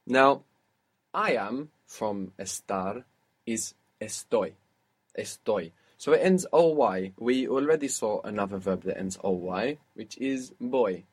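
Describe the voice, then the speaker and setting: A man's voice: fairly low pitch, animated, slow, husky. A man teaching a spoken language lesson, patiently explaining grammar step by step and quizzing his student.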